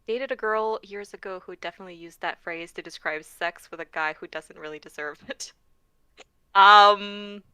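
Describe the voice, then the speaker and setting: A woman's voice: mid-range voice, steady tone, moderate pace, sharp tone, smooth, no echo. A woman from Canada, English not her first language, chatting casually on a live stream, laughing and filling with ums. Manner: chatty and laughing, many fillers. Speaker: modding stream guest. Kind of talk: casual chat answering stream questions.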